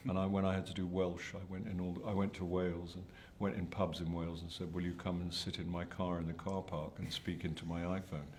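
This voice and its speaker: A man's voice: low-pitched, little pitch movement, fairly quick, hardly any pauses, a little mellow, slight background noise. An older man, an actor answering interview questions in a hesitant, self-deprecating way with many restarts. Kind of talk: press junket interview.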